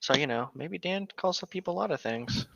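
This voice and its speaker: Bright, lo-fi joking young man. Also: fairly high pitch, animated, brisk, creaky, no echo. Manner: rambling, joking, laughs a lot. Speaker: co-host reading stories. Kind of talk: casual podcast chat and story reading.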